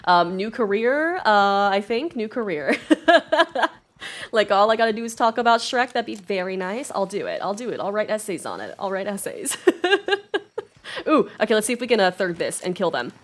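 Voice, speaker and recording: An animated woman streaming a game live, her voice swinging widely in pitch. She chatters to her viewers, breaks into sudden yelps and laughter, and keeps apologizing between bursts of panic. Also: normal speed. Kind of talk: live gaming stream chat.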